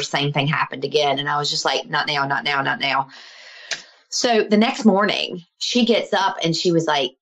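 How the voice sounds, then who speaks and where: A woman's voice: sits low, slight background noise. A middle-aged woman, a healer, earnestly telling a personal story in conversation and acting out the voices of the people in it. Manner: earnest, animated, acts out quoted voices.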